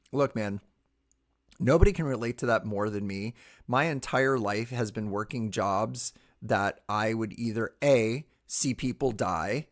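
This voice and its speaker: Low-voiced man hosting a podcast. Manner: animated, teasing, laughs into high pitch. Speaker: podcast host. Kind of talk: casual podcast chat.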